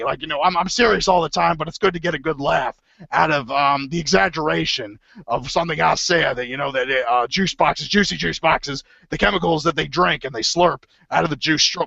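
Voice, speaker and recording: A gravelly, forceful conspiracy radio host, put on by a man rants in circles, tripping over his words and correcting himself as he goes. His voice sits a little high and has a hard, sharp edge. The sound is dull and lo-fi, like cheap stream audio. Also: no room sound, exaggerated voice. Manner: rambling, stammering, self-correcting rants. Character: blustering middle-aged male conspiracy radio host. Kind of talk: improvised comedy impression.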